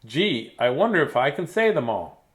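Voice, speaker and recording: A man's voice: medium pitch, big pitch swings, moderate pace, fairly bright tone. A man hosting a casual read-aloud of picture books for children, playful and jokey, with silly asides.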